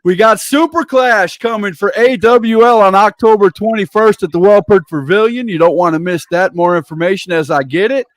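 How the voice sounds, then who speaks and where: A man's voice: high-pitched, moderate pace, hardly any pauses, no room sound. A man hosting a casual interview, reeling off upcoming events with enthusiastic, catchphrase-heavy promo patter. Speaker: interview show host.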